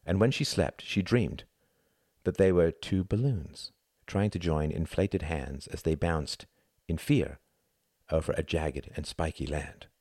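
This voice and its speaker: A male audiobook narrator with a low voice. He reads in a measured, intimate way. The recording is close and dry, with no room sound. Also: darkish tone, slightly rough, no room sound.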